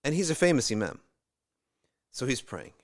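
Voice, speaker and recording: A man's voice: mid-range voice, sing-song, moderate pace. A male religious teacher telling a story in a casual, conversational way, with asides and restarts. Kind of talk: storytelling talk.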